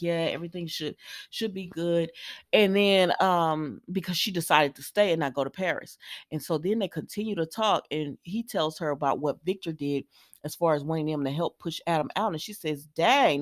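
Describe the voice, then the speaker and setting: A woman's voice: on the low side, no echo, clean studio sound. A woman casually recapping a soap opera episode, chatty and opinionated. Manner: chatty and opinionated, quoting characters, sighs and laughs.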